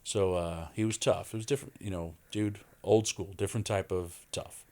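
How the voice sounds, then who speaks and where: A man, a podcast guest telling animated stories and acting out quoted voices. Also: low-pitched, normal speed. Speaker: wrestling guest. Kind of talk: storytelling in a podcast interview.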